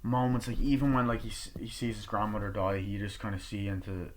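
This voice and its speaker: A young man giving a casual, excited movie review, swearing freely and acting out lines from scenes. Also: fairly low pitch, fairly quick, a little hiss or hum. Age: young adult. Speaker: film reviewer.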